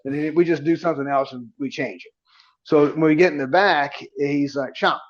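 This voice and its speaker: A man in his forties, an independent pro wrestler, tells wrestling stories as a guest in a casual podcast interview. His voice is slightly high and brisk, the audio dull, and he animatedly acts out quoted dialogue.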